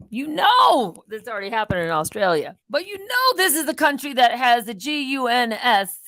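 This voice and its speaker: Sarcastic high-voiced woman vlogger. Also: dry recording, low-quality recording. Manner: mocking, sarcastic, animated. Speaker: channel host. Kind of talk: sarcastic commentary vlog.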